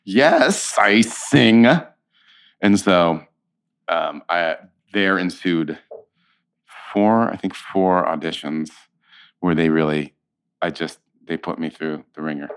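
A man with a very low, deep voice chats in an interview. He tells anecdotes with animated energy, starting over and acting out what others said. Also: slow, clear, resonant tone. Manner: animated storyteller, slips into quoted voices. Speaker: actor, interview guest. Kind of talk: casual interview chat.

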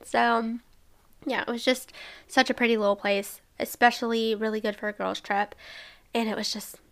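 Bubbly young woman from Alabama, gravelly edge. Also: on the high side, fairly bright tone. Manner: chatty, bubbly, frequent "like" and laughs. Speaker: travel vlogger. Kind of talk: casual travel recap.

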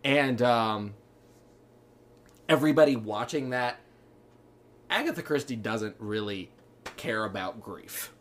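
A man's voice: medium pitch, animated. A man co-hosting a casual podcast about films, talking eagerly with lots of fillers and acting out quoted lines. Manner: enthusiastic, fast, many fillers, acts out lines. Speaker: podcast co-host. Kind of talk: casual film discussion.

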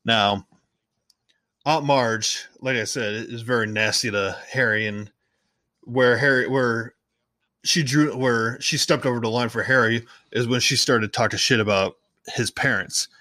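A man's voice: medium pitch, measured pace, sharp tone, no echo. A man hosting a casual podcast, rambling through a movie recap, often correcting himself and playfully acting out characters' lines. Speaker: podcast host.

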